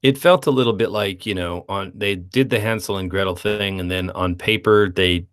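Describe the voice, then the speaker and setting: A man's voice: low voice, moderate pace, clean tone. A man co-hosting a film review podcast, talking casually and acting out quoted lines in playful voices. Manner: animated, acts out quoted dialogue in playful voices. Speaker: podcast co-host.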